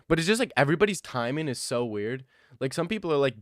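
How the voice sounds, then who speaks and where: A young adult man streams live, reading his chat and answering viewers' questions in a laid-back, rambling way. His mid-range voice is animated and fast, recorded with studio quality and no echo.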